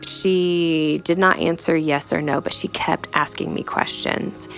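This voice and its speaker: A young woman giving a personal faith testimony in a reflective, halting way, full of "you know" fillers. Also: low voice, fairly even intonation, gravelly, fairly bright tone, faint music behind. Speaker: storyteller sharing a personal testimony.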